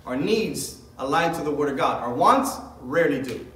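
A man's voice: on the high side, expressive, moderate pace, fairly bright tone, roomy sound, distant mic, rough recording. A man preaching as a pastor, reading scripture aloud and then explaining it with rising emphasis. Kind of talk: sermon.

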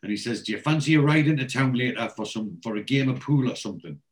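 A man's voice: mid-range voice, animated, fast talker, poor audio. Chatty man recapping TV scenes. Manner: recaps scenes by quoting characters in a chatty storytelling way. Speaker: podcast host. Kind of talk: casual chat, retelling TV scenes.

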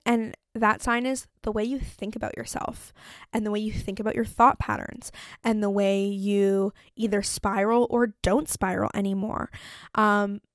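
Speaking in a mid-range voice on a dry, clean studio recording, a young woman runs her solo podcast. She talks casually, leans heavily on "like" and voices her inner thoughts as little performances.

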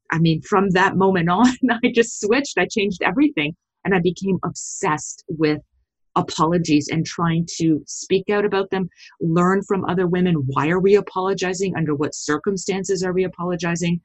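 Lively storytelling woman, husky voice. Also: normal speed. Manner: animated storytelling, pitch leaps when quoting. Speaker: guest, sociologist and professor. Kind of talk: podcast interview.

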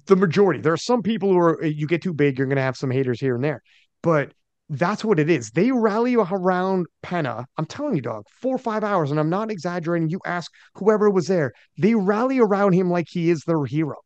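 A man hosts a podcast in loose, animated talk full of slang and quick impressions of others. His voice sits a little high. The sound is close and dry. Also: no echo, highs cut off. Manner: animated, slangy, mimics people he talks about. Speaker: podcast host. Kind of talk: casual podcast chat.

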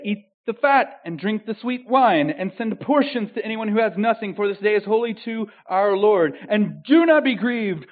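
Male pastor, sermon delivery, high-pitched, emphatic swells and hushed asides, tinny lo-fi recording. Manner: swings between loud emphatic declarations and quiet intimate asides. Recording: tinny phone-like sound.

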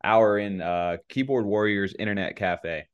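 A man's voice: fairly low pitch, unhurried, clean tone, highs cut off. A man co-hosting a podcast in a casual, rambling way, with many fillers. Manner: rambling, laid-back, many fillers and laughs. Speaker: podcast co-host.

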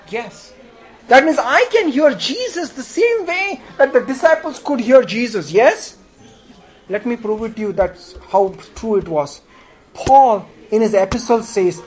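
A male preacher delivering a sermon in an emphatic call-and-response style, often asking the congregation questions. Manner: emphatic, with sudden jumps in pitch and volume.

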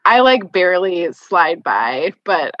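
Minnesota lady in her 30s on a podcast, chatty, lowish bright voice, dry muffled lo-fi sound. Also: very animated, slow, no echo. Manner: chatty, candid, frequent "like" fillers. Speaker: guest, financial planner. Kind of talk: casual podcast conversation. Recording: dull lo-fi remote audio.

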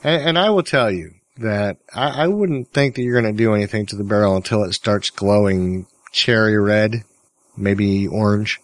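A man hosting a podcast in casual, relaxed chat, joking easily with his co-hosts. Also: on the low side, normal speed, dry recording. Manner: relaxed, easygoing, joking banter. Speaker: podcast host.

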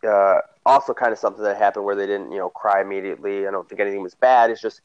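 A man casually telling a story, animated, acting out what people said with sudden loud, high bursts. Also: rapid-fire, clean tone, highs cut off.

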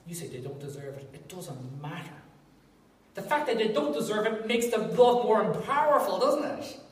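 A man preaching a sermon in a jokey, animated way, swelling loud at times. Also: high-pitched, moderate pace. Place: church hall. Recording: echoey hall from far off.

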